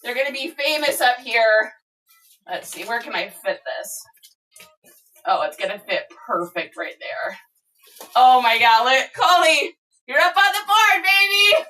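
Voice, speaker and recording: Gushing high-voiced woman vlogger. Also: unhurried, distant mic, faint music behind. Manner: gushing, excitable, squeals and laughs. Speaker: reseller vlogger. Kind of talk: casual unboxing chat to viewers.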